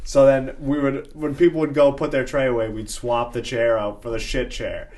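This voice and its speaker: A man's voice: medium pitch, little pitch movement, normal speed, a little mellow. A young man in casual podcast chat who tells stories in a chuckling, laid-back way.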